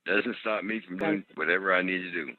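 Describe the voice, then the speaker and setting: A man's voice: low-pitched, fairly even intonation, fairly quick, no echo, narrow, tinny audio. A man co-hosting a podcast, teasing and playful in casual chat. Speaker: podcast co-host.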